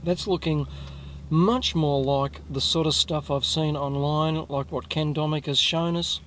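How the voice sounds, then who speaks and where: A man's voice: on the high side, fairly even intonation, measured pace, a bit bright, slight background noise. An Australian man hosting a casual food review video, chatting to his viewers in a rambling way and correcting himself as he goes.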